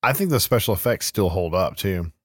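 A man's voice: deep voice, lively intonation, brisk, no room sound, studio quality. A man co-hosting a podcast, chatting casually, reflecting on films and asking his partner questions. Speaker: podcast co-host. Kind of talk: casual chat.

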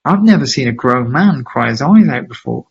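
A man, a charity founder and interview guest, telling a lively anecdote and acting out the voices of the people in it. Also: mid-range voice, normal speed, vocal fry, breathy edge. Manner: lively, acts out quoted voices, laughs often. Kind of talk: animated anecdotal storytelling. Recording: slightly dull lo-fi audio.

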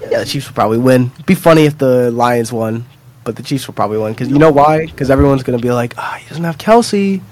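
A man's voice: mid-range voice, quick pace, a little mellow. A man co-hosting a casual sports podcast, talking loosely with jokes and asides. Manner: loose, joking, with fillers and asides. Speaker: podcast co-host.

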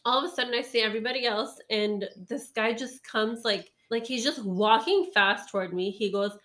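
A woman tells a long story in casual chat, her voice sitting a little high. She rambles, filling every pause with fillers and breaking into laughs as she goes. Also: expressive, a bit bright. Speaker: storyteller guest.

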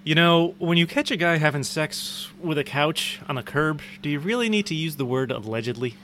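Bright-voiced man joking through a podcast. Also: a little high, a little fast, a little hiss or hum. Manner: joking, laughs often, stumbles over place names. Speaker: podcast co-host. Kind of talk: casual chat, reading news articles aloud.

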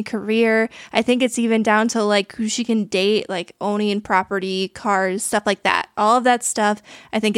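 A woman's voice: on the high side, dry recording, clean studio sound. A young woman co-hosting a podcast in casual chat, explaining things at length with plenty of "like". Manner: chatty, explains with lots of likes. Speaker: podcast co-host.

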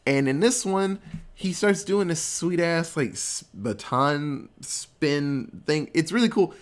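A man in casual podcast chat, retelling movie scenes with swearing, laughs and quick voices for the characters. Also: on the high side, expressive. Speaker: podcast co-host.

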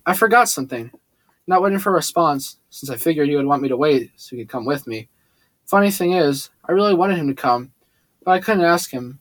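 A man reading a first-person story aloud, steady with occasional slips and restarts. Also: fairly high pitch, no room sound. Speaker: audiobook narrator. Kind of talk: first-person audiobook narration.

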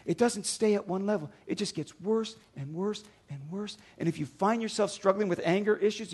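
High-voiced man preaching a sermon. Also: slightly rough. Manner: dynamic preaching, acts out dialogues with rising volume. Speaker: pastor.

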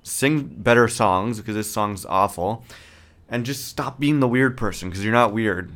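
Man in his thirties, podcast host, low-pitched, profane sarcastic rant, fairly monotone. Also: moderate pace. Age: 30s. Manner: self-described monotone delivery. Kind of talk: casual solo podcast rant.

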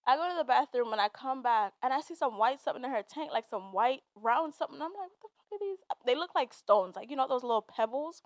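Hosting her own podcast, a young woman with a slightly high voice delivers a loose, unscripted monologue at a fast clip, with lively intonation and hardly any pauses. She's candid and profane, swearing freely and slipping between laughter and tears, teary but laughing through it. The close, dry recording has no room sound.

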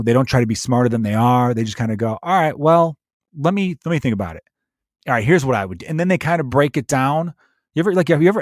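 A man hosting his own podcast, ranting in a profane, animated, conversational way. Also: mid-range voice, dry recording, studio quality. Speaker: podcast host, comedian. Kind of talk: solo podcast rant.

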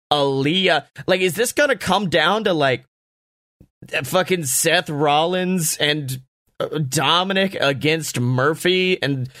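Sarcastic, higher-voiced man recapping a show. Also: dry recording, clean studio sound. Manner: sarcastic, profane, animated retelling. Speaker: wrestling show reviewer. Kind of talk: casual recap commentary.

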